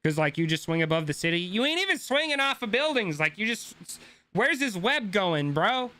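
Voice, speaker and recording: A man's voice: high-pitched, sing-song, normal speed, pushed and bright. A young man streaming a game, ranting casually and swearing a lot as he talks to his chat. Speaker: gaming streamer.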